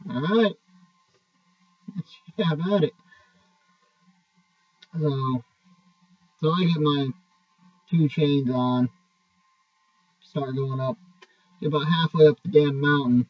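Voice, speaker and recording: Rambling trucker with a profane streak. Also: male voice, on the high side, takes it slowly, pauses often, no echo. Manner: rambling, profane, restarts often. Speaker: truck driver telling a road story. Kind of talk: casual spoken storytelling. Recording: dull, distant mic.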